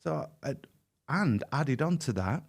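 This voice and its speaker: A man's voice: mid-range voice, sing-song, vocal fry. A middle-aged man, a podcast guest, telling his own story candidly with frequent restarts. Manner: frank, halting with restarts, vivid first-person telling. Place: podcast interview.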